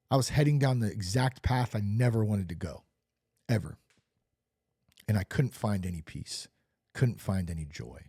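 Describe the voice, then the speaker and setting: A man's voice: lowish voice, animated, moderate pace, pauses often, dark tone, husky, no echo, studio quality. A man hosting a podcast, sharing a personal recovery story in an earnest way and repeating phrases for emphasis. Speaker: podcast host.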